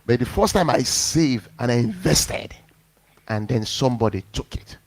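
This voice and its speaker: A male pastor preaching at a middle pitch, telling his own story in a sermon. He talks with animation and acts out what others said to him. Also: normal speed. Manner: animated storyteller acting out quotes.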